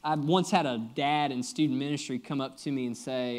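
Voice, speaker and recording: A man in his thirties preaching a sermon, telling a personal story in an earnest, conversational way and speaking straight to his listeners, with big swings in pitch and volume for emphasis. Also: steady tone, fairly quick. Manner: conversational, earnest, addresses the congregation directly. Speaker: pastor.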